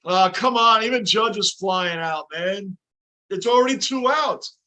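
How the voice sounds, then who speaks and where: High, bright-voiced grumbling male host. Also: measured pace, rough recording. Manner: grumbling, complaining about the game. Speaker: livestream host. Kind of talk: casual fan chat.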